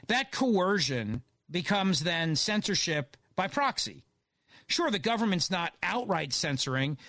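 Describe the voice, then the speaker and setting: A man's voice: fairly high pitch, fairly bright tone, no room sound. A man guest-hosting a talk radio show, giving a sarcastic, digressive opinion monologue into a studio mic.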